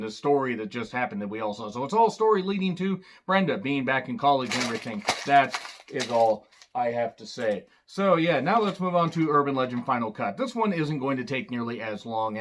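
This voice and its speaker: A man's voice: mid-range voice, animated, quick pace, few pauses, fairly bright tone, a little hiss or hum. A man giving a casual, rambling spoken film review, full of sarcastic wisecracks and loose asides. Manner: loose and rambling, with fillers and restarts. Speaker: movie reviewer.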